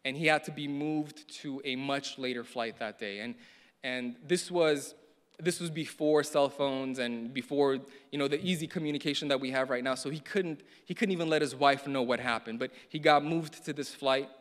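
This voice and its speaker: A man's voice: mid-range voice, normal speed. A man preaching a sermon in an earnest way, often repeating words and building to emphatic stresses. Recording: long hall reverb.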